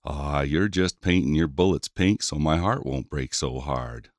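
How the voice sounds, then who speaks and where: A man playing a deep-voiced flirty cowboy. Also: a little slow, dry recording, clean studio sound. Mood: flirting.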